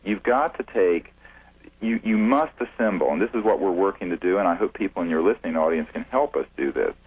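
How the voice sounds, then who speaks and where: A very deep, husky male voice comes through a thin, tinny phone line. He talks slowly and carefully, halting often with fillers and repeated starts as he builds his case on a radio show. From United States. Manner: deliberate, halting with many fillers and restarts. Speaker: UFO researcher guest. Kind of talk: radio interview.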